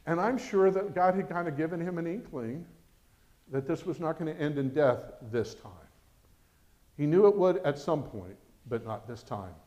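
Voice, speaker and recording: A man preaching a sermon as pastor, animated and acting out quoted voices. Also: fairly high pitch, normal speed.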